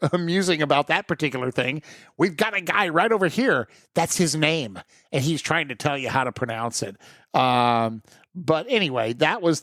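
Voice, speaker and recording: A man's voice: a little high, no room sound, studio quality. A man, a former radio broadcaster, casually telling amused stories from his career as a podcast host. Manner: chatty, amused, animated storytelling. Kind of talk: casual storytelling monologue.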